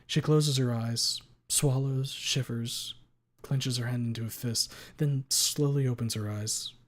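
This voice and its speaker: A man reading a story aloud on a live stream, steady in delivery, with playful asides when he slips. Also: mid-range voice, unhurried.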